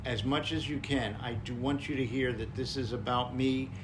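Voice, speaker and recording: A man co-hosting a podcast, talking calmly and gently in a casual conversation about honest communication. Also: mid-range voice, moderate pace, background noise. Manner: gentle, calm and mild even when voicing anger. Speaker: podcast co-host.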